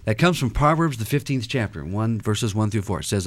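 A man's voice: on the low side, lively intonation, brisk, no room sound. A man speaking as a guest counselor on a radio talk show, earnestly explaining with examples and acted-out quotes. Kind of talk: radio interview, teaching with examples.

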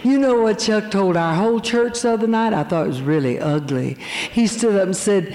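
An older woman telling her church testimony, animated and quick to laugh. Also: medium pitch, slight background noise. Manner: animated storytelling, laughing often. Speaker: speaker giving a testimony. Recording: long hall reverb.

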